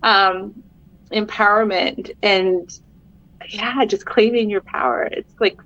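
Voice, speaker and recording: A woman's voice: mid-range voice, fairly even intonation, slow pace, a bit bright, muffled recording. A middle-aged woman, a podcast guest, talking earnestly and encouragingly in casual conversation, laughing often.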